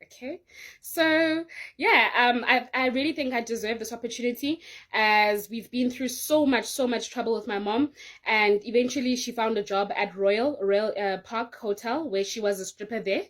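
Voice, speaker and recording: A woman makes a formal application pitch in a slightly high voice, halting and full of fillers. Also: a bit bright. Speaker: prankster daughter, applicant.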